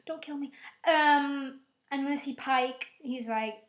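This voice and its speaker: A woman's voice: high voice, slow. A young woman recapping a film at home in a casual, rambling way, with self-mocking, sarcastic asides. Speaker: video reviewer. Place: at home with her dog.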